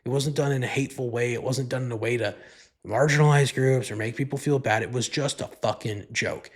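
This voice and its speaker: A man's voice: medium pitch, a little fast, slightly rough. A man hosting a podcast, talking in a casual, rambling and profane way, with "like" in nearly every sentence. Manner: rambling, profane, heavy use of "like". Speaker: podcast host. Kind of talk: casual solo podcast monologue.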